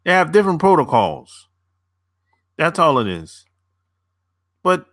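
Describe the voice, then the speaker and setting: A man's voice: a little high, sing-song, unhurried, pauses often, a bit bright, dry recording, clean studio sound. A young man chatting loosely on a live stream, answering viewers as a dating coach, rambling and repeating himself with casual swearing.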